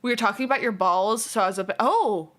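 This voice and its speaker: A young woman chatting casually on a live stream, talking fast, giggling and fretting over how she pronounces words. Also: medium pitch, fairly bright tone. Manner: fast-talking, giggly, self-conscious about her pronunciation.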